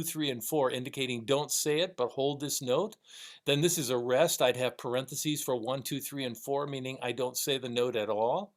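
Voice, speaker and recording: Man, middle-aged, music instructor, video call audio, casual encouraging lecture, counts beats out loud, medium pitch. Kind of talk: recorded online class lecture.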